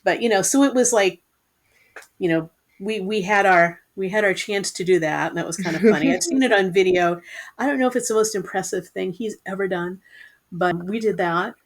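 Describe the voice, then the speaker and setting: A middle-aged woman, a podcast guest telling rambling, animated stories in casual conversation. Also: medium pitch, moderate pace. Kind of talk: casual storytelling.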